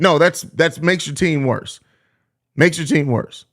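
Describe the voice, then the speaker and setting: A man's voice: fairly high pitch, measured pace. Blunt, profane male sports podcast host. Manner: blunt, profane, sarcastic, animated. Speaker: podcast host reading live chat. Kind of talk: casual live-stream sports talk.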